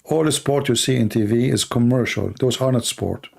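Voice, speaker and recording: A man's voice: medium pitch, normal speed, gravelly, a little mellow. A man whose first language is Arabic, hosting a live stream and answering viewer questions bluntly and emphatically, often repeating himself. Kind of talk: casual live-stream talk.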